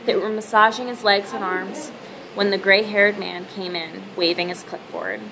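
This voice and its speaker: A woman reading a novel aloud as narrator with a steady, measured delivery. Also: medium pitch, a crowd in the background, poor audio. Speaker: audiobook narrator. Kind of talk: scripted narration.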